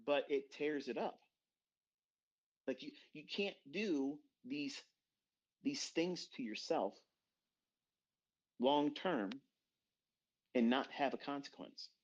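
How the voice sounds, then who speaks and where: A middle-aged man giving a blunt, profane motivational rant as a trading mentor, dropping to low murmurs and then bursting out loud. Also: animated, slow, pauses often. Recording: dull lo-fi recording.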